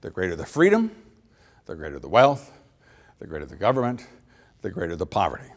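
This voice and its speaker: Folksy man telling animated stories. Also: sits low, brisk. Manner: animated storyteller, acts out little dialogues, laughs at own jokes. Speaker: speaker. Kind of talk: folksy political speech.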